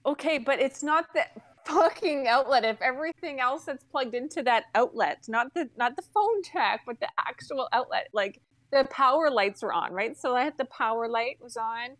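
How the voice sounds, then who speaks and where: An exasperated woman rants through a comedic story, swearing freely and breaking into laughs mid-sentence. Her voice sits a little high, and the sound is close and dry with no room around it. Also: expressive, normal speed, fairly bright tone, no echo.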